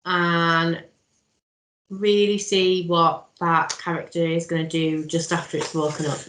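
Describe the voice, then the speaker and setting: A woman's voice: on the low side, level tone, a little slow, fairly bright tone. A woman leading a drama workshop, giving step-by-step encouraging instructions. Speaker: workshop leader. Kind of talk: guiding a drama exercise. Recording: echoey room.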